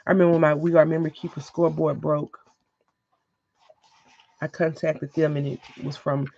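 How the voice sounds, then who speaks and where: A woman's voice: deep voice, flat delivery, moderate pace, gravelly, a little mellow, muffled recording. A woman hosting a casual crafting video, chatting with viewers in a rambling way and mimicking others. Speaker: crafting channel host. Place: home craft room.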